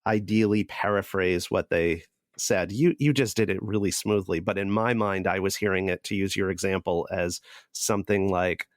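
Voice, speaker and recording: A man interviewing a guest on a podcast with a tongue-in-cheek edge. His voice is somewhat low, and the recording is dry and close. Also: moderate pace, no room sound. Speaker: podcast host. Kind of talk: interview questions.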